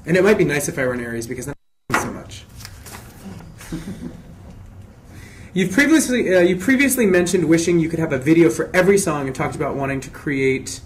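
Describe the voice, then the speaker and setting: A man's voice: on the high side, brisk, pauses often, background noise. Chatty man reading fan questions. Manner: chatty and expressive, often restarting sentences. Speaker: singer answering fan questions. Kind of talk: casual live Q&A, reading questions aloud.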